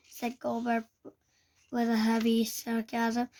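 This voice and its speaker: A woman reading a children's book aloud in a halting way, stumbling and restarting words. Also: fairly high pitch, darkish tone. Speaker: reader.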